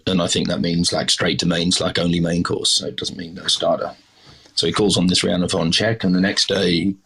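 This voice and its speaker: A man's voice: sits low, fairly bright tone, slightly rough. A middle-aged Australian man, a chef telling stories in a casual interview, rambling with lots of fillers and restarts. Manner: rambling, many fillers and restarts, self-deprecating. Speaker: chef, podcast guest.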